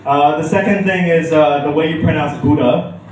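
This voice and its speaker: Rambling self-deprecating stand-up comedian. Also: male voice, on the high side, steady tone, normal speed, a crowd in the background. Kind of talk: open-mic stand-up. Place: comedy club stage. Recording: echoey club room, mic from far.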